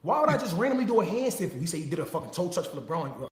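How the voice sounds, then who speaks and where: A man's voice: on the high side, big pitch swings, rapid-fire, a crowd in the background. A man in his twenties telling a story and bantering with profanity on a casual livestream. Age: 20s. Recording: roomy echo.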